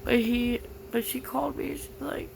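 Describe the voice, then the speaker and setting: A young woman vlogging through tears, halting and grief-stricken, with many "like" fillers. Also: on the high side, steady tone, creaky, noisy background. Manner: halting, full of "like" fillers, grieving. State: tearful. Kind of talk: personal confessional vlog.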